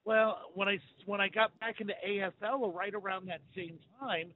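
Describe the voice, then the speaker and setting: An American man joins a radio show as a sports guest over the phone. He speaks in a notably high voice. The line sounds tinny, with faint noise underneath. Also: fairly even intonation, normal speed. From United States. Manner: earnest, storytelling, stumbles on repeats. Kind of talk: remote interview chat.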